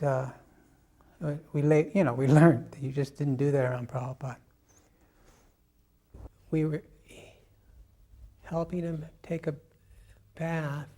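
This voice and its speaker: An older man telling a personal memory in an unhurried, halting way, as an interview guest. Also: fairly high pitch, warm tone. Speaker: interviewee recalling his spiritual teacher. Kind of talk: personal reminiscence.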